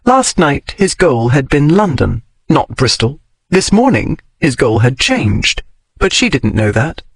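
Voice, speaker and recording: A man narrating a historical romance audiobook in an expressive storytelling manner. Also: medium pitch, measured pace, slightly rough, no room sound, low-quality recording. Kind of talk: scripted narration.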